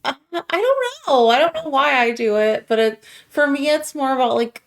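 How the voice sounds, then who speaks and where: Lively high-voiced woman, hesitant. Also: moderate pace. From United States. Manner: hesitant, laughs often. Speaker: reaction video host. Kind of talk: casual reaction chat.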